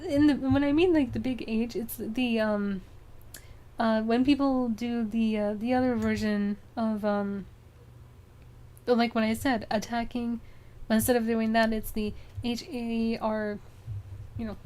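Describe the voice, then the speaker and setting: A woman's voice: fairly high pitch, fairly even intonation, measured pace, darkish tone. A young woman streaming, chatting casually and rambling with lots of fillers. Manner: rambling, many fillers, frequent laughs.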